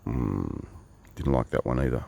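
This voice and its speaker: A wry Australian man with an extremely deep, low voice spins a rambling traveller's yarn. He talks in a casual, meandering way, full of asides and self-corrections. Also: a little slow, vocal fry, dark tone. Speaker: travelling storyteller. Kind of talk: casual spoken monologue.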